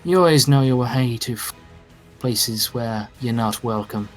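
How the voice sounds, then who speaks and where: A man's voice: mid-range voice, measured pace, soft background music, close to an everyday voice. A sly, smug male trickster , played by a man in his own voice. He sounds falsely hospitable, with a teasing edge under the politeness.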